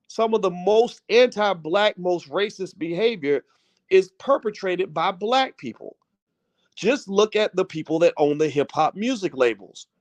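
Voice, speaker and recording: Worked up guy ranting on his channel, kinda high voice, dry close sound, keeps repeating himself. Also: dry recording. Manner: passionate, repetitive, rhetorical questions to viewers. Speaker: channel host. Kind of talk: opinion commentary rant.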